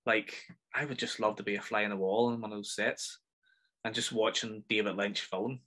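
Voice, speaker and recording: A man's voice: on the low side, fairly even intonation, moderate pace, fairly bright tone. A man with a Northern Irish accent hosting a casual film review podcast, chatty and enthusiastic as he rambles through his thoughts. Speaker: podcast host.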